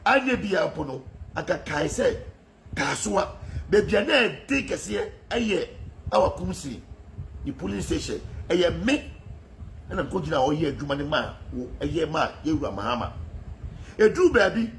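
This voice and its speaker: Ghanaian male commentator, high raspy-fry voice, impassioned monologue with frequent laughs. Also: a little hiss or hum. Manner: fervent, often laughing mid-sentence. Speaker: political social media commentator.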